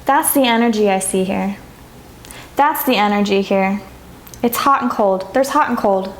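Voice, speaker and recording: Woman, tarot reader, soft and emotional, echoey room with faint hiss. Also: medium pitch, moderate pace. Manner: soft, emotional, gets teary and laughs. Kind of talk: pick-a-card tarot reading to camera.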